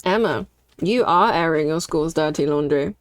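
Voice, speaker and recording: A woman's voice: low voice, moderate pace, dry recording. A young woman streaming while she draws, chatting candidly and reacting to her chat. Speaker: streaming artist.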